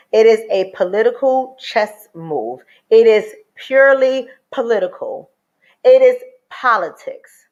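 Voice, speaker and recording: Woman commentator, higher voice, sarcastic sermon-like delivery to her viewers. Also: dull audio. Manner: sarcastic, preachy, repeats "right?" to the audience. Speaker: commentator and relationship coach. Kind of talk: livestream commentary.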